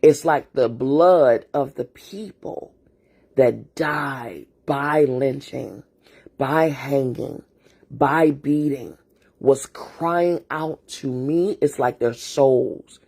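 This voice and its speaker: A woman's voice: extremely low pitch, very slow, gravelly, a little mellow, breathy edge. A woman host telling a personal story in a casual, earnest way, often repeating her words. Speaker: host and therapist. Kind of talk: emotional storytelling monologue.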